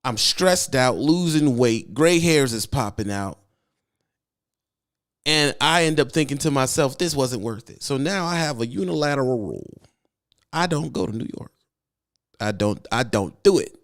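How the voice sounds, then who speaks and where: A man's voice: mid-range voice, animated, unhurried, long pauses. A man, a truck driver, rants casually on his own channel, emphatic and repeating himself for effect. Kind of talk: casual vlog rant.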